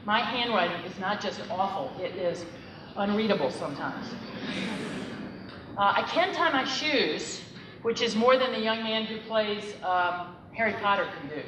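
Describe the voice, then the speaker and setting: A woman's voice: medium pitch, animated, measured pace, noisy background. A middle-aged woman, a psychologist, giving a conversational, emphatic lecture to teachers and speaking directly to the audience. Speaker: psychologist and presenter. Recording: echoey room, voice from far off.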